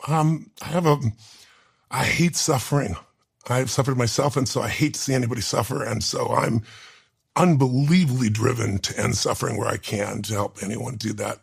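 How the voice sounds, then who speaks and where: A man in his sixties with a gravelly, very raspy voice, earnestly telling a personal story in an interview. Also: mid-range voice. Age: 60s. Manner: earnest, tearful at times, acts out quoted voices. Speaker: guest.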